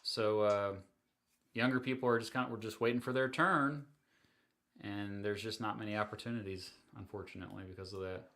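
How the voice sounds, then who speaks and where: A man runs a livestream, talking through viewer questions in a loose, chatty way, full of ums and small laughs. His voice has a bright, forceful edge. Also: fairly low pitch, fairly even intonation, brisk. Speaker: livestream host. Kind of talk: casual livestream Q&A.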